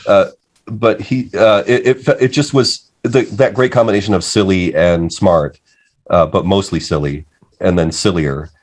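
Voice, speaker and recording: A man telling a story as a podcast guest, halting, with many uh's and restarts. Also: low-pitched, steady tone. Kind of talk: casual podcast chat.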